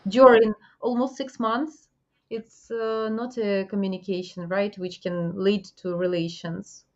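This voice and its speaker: A woman hosting an interview, speaking halting with many fillers as she gives advice. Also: mid-range voice, fairly even intonation, dull audio. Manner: halting non-native English, frequent fillers, advising. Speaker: host. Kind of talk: interview about dating scams.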